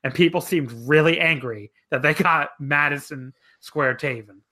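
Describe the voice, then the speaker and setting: A man chatting casually on a podcast, his voice bright and tense. He swears a lot and breaks into laughter as he tells his story. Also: a little high, normal speed. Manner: profane, cackling storyteller. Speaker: wrestling podcast speaker.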